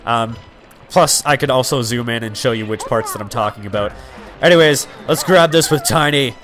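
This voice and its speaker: A man's voice: medium pitch, normal speed, a bit bright, soft background music. Rambling young man narrating gameplay. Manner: rambling, full of fillers and 'like'. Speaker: let's player. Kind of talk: casual gameplay commentary.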